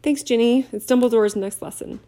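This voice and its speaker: A woman's voice: fairly high pitch, steady tone, brisk, mellow, voice pushed up, lightly acted. A woman doing a heated teenage boy wizard.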